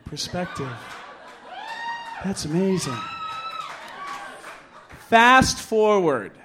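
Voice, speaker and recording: A middle-aged man telling a bawdy story live on a bar stage, animated and self-mocking, jumping to loud high voices when he acts out what people said. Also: background noise.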